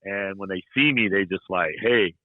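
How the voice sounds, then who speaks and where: A man's voice: deep voice, moderate pace, dry recording, phone-quality sound. A middle-aged man telling stories in a rambling, folksy way, full of "you know" and playful ribbing. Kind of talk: casual storytelling chat.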